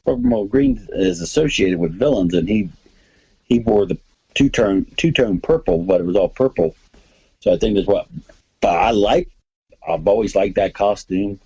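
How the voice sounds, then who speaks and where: A man's voice: fairly low pitch, sing-song, normal speed, creaky, dark tone, slightly rough, highs cut off. A man hosting a podcast, chatting casually and rambling enthusiastically about comics and movies. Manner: rambling, enthusiastic, many restarts. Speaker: podcast host.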